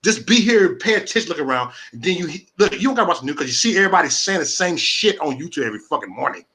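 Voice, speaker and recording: A man's voice: a little high, sing-song, rapid-fire, pushed and bright. A man in his forties hosting a live stream, ranting in a profane, repetitive and confrontational way. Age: 40s.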